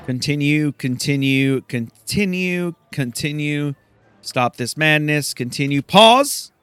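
A man casually narrating a fantasy game he is playing, excitable and swearing at setbacks. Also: on the high side, slow pace, clean tone, no echo. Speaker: gamer. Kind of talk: let's play commentary.

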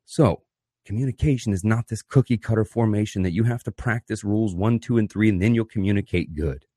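A man hosting his own podcast, talking in an animated, profane way and acting out the voices he quotes. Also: fairly low pitch, fairly quick, husky, dry recording, clean studio sound. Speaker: podcast host. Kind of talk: casual solo podcast monologue.

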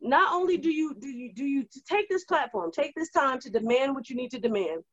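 A woman co-hosting a casual chat, animated and rousing as she urges listeners on. Her voice sits fairly high. The recording is dull and lo-fi with a dry, close sound. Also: brisk, dry recording. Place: at a desk indoors.

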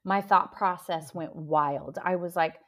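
Animated woman author telling a personal story. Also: fairly low pitch, unhurried. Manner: animated, emotional storytelling with laughter. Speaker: author and pastor, guest. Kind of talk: candid storytelling in an interview.

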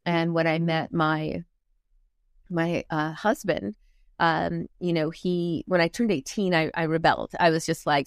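A woman, a motivational speaker and coach, telling her life story candidly in an interview, earnest and reflective with frequent pauses. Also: deep voice, steady tone, no echo, studio quality.

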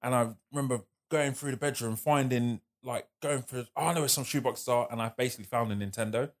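A man's voice: mid-range voice, quick pace. A man co-hosting a podcast in a studio, chatting casually, swearing freely and acting out quotes in his stories. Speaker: podcast co-host. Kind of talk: casual banter.

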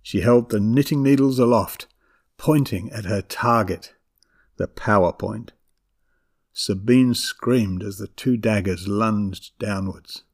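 A middle-aged man reading a memoir as a scripted narration, with measured, dramatic storytelling. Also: lowish voice.

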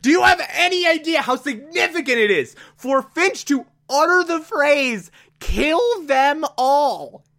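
A TV recapper with a bright, forward voice who gushes over a scene and breaks into excited outbursts. The talk is casual and animated, running from hushed awe to loud enthusiasm. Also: high voice, normal speed, hardly any pauses. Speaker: TV episode recapper.

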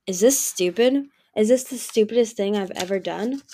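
A woman's voice: medium pitch, moderate pace, warm tone, slight background noise, lightly acted. A woman reading the anxious inner thoughts of a nervous young male dragon in an audiobook. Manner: anxious and questioning.

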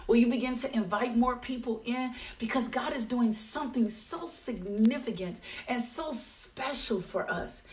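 A woman's voice: fairly high pitch, a little slow, few pauses, recorded from a distance. A woman leading a daily devotional, encouraging listeners and praying fervently with many repeated phrases. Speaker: devotional leader. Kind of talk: devotional talk and prayer.

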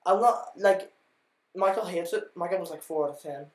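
A man's voice: high voice, moderate pace. A young man chatting as a podcast guest, keen and tending to repeat himself. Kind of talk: casual chat. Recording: echoey room.

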